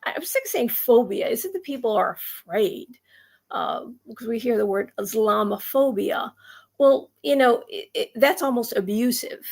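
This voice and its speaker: A woman's voice: on the high side, expressive, moderate pace, vocal fry, darkish tone, husky. A woman from the United States delivering a rambling, emphatic opinion monologue with frequent restarts. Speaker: commentary vlogger.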